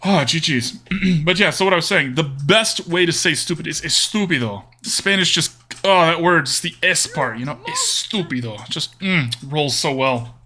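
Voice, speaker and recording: A man's voice: fairly high pitch, moderate pace, sharp tone. A man streaming a card game live, joking with chat in a put-on drawling cowboy-style accent. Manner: joking, chatty, talks to chat with "y'all" and "friendo".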